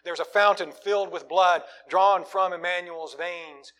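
A man preaching a sermon, swinging from loud, emphatic lines to quiet, low asides. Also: steady tone, a little slow.

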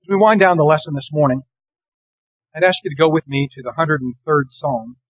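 A man delivers a sermon in a fairly high voice, reading scripture slowly and earnestly. The sound is dry and close, with little room around it. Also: husky, dry recording, rough recording. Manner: earnest, deliberate, slows for scripture. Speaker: preacher.

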